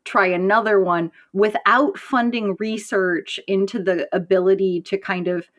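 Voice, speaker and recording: A woman co-hosts a casual podcast chat with a mid-pitched voice. She makes her point wryly, stacking up sarcastic examples. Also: fairly even intonation, measured pace, a bit bright. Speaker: podcast co-host.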